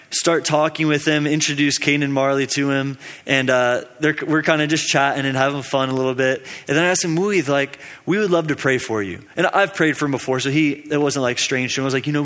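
A man's voice: fairly high pitch, fairly bright tone, in a large hall. A young man giving a casual, storytelling sermon at a midweek teaching, rambling and chatty, with plenty of fillers and laughs at his own jokes.

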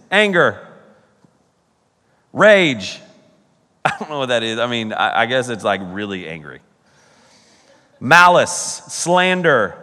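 A man preaching a sermon as pastor, animated, breaking into playful mock exasperation and sudden exclamations. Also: fairly high pitch, slow pace, pauses often, long reverb tail.

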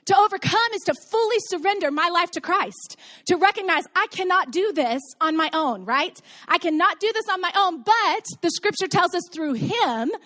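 A woman in her thirties, the pastor, preaches a conversational sermon in a church sanctuary before her congregation, telling stories and posing rhetorical questions. Her voice is extremely high and a bit bright.

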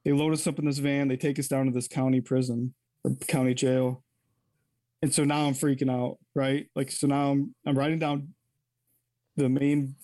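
A man's voice: medium pitch, mellow, no room sound. A man telling a personal story as an interview guest, candid and rambling, often correcting himself mid-sentence.

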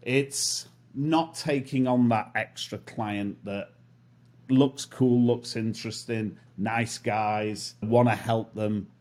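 A man's voice: mid-range voice, steady tone, takes it slowly, a little mellow. A man in his fifties, a guest in an interview, musing in a self-deprecating way as he talks through his lessons. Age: 50s. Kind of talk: reflective interview conversation.

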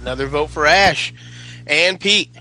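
A man hosts a casual panel chat, calling on each guest in turn. His voice sits high and rings very bright. He gets excitable and swears freely. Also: measured pace. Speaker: podcast host.

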